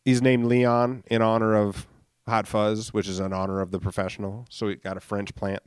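His lowish voice is clean and flat, moving at normal speed, as this solo podcast host in his late thirties rambles casually, swearing, mocking himself and using lots of fillers. The studio microphone captures clean studio sound without any room sound.

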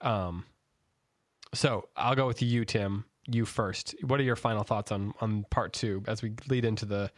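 Male podcast host, relaxed rambling delivery, dry close sound. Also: lowish voice, measured pace, dry recording. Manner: loose, rambling with many restarts. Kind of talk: casual book-club chat.

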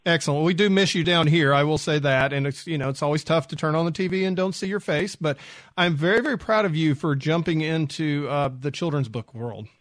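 A man hosts an interview in a relaxed, rambling way, peppered with fillers. His voice sits a little high for a man, and the sound is dry and close. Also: a little fast, no room sound. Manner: chatty, easygoing, many fillers. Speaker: host. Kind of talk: radio interview.

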